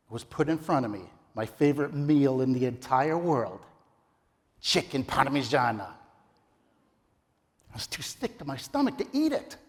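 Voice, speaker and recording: A middle-aged man delivering a theatrical, comic story speech in a competition in a large ballroom. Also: on the high side. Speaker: contest speaker. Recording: reverberant ballroom.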